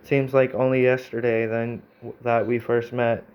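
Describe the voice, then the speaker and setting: A man's voice: mid-range voice, little pitch movement, moderate pace, a little mellow, smooth, lightly acted. A man reading out the lines of a mysterious adult male stranger from a text adventure, in a plain read-aloud delivery. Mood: matter-of-fact. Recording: slightly dull lo-fi recording.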